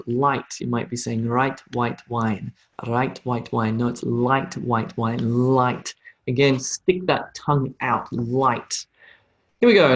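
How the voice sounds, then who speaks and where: A man with an Australian accent teaching English pronunciation in a live online lesson, drawing out model phrases for students to repeat. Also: mid-range voice. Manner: slow, drawn-out model phrases for repetition.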